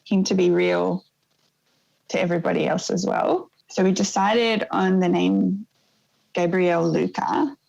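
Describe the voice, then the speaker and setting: A woman in her thirties telling a painful personal story in an interview, in a soft, reflective way that often halts and starts again. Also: on the low side, fairly even intonation, creaky, muffled recording. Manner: soft, reflective, halting with restarts. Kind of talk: emotional personal testimony.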